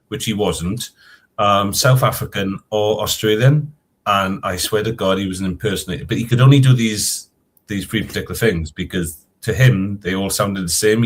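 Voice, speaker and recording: A man chatting casually on a video call, telling rambling stories in a soft-spoken way. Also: fairly low pitch. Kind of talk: casual chat.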